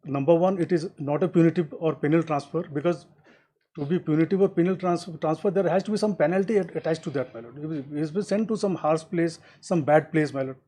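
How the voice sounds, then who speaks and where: A man's voice: on the high side, a little fast, warm tone, husky, low-quality recording. A man, an advocate making a formal courtroom argument to a judge and adding "my lord" to nearly every sentence. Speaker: advocate arguing before a bench.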